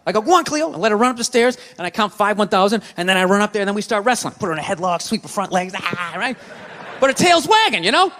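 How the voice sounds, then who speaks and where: A man with a Boston accent doing a stand-up comedy set, ranting sarcastically and swinging from low mutters to yelled bits. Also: very animated, quick pace. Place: comedy club stage. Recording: reverberant venue with crowd laughter. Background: audience laughter.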